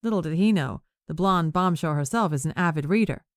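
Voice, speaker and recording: A woman's voice: lowish voice, expressive, brisk, no room sound. A woman narrator voicing a stern, dry-witted older woman telling a gossipy anecdote. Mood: wry.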